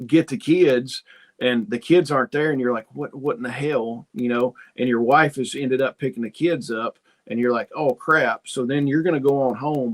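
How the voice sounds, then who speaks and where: A man hosting a casual livestream, reading viewer comments and telling rambling stories in which he acts out both sides of a conversation. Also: mid-range voice. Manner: folksy, rambling storyteller who acts out dialogue. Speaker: host.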